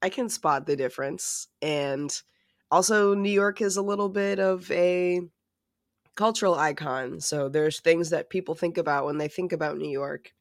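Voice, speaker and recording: A podcast co-host chatting casually and joking around, with plenty of swearing along the way. The voice sits at a middle pitch for its kind. It is recorded close and dry, with almost no room sound. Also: moderate pace, no room sound. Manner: animated, profane and joking. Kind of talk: casual chat. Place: lives in New York City.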